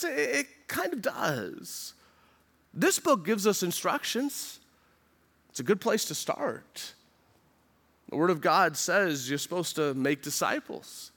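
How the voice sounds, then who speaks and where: A man preaching a sermon as pastor, earnest and urgent, asking the listeners questions and acting out what they might say, dropping low and quiet for emphasis. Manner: earnest preaching with rhetorical questions and quoted voices.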